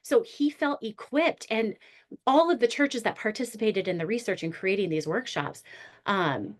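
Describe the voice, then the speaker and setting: A woman therapist who leads ministry workshops, talking earnestly and with animated storytelling in a panel discussion. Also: medium pitch, moderate pace.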